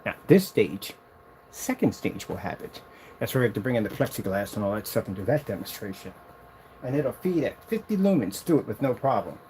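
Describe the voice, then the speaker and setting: A man casually demonstrating a projection screen on a vlog, excited and rambling, boasting about his product. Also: fairly quick, a little hiss or hum. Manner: sings snatches of a tune in a high voice.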